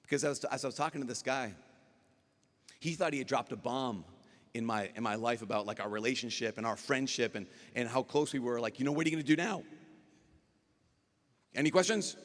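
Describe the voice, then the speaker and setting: A man, a priest speaking at a youth conference, giving a lively talk and acting out dialogue as he tells stories. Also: medium pitch. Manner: animated storyteller acting out dialogue. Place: large conference hall. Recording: long hall reverb.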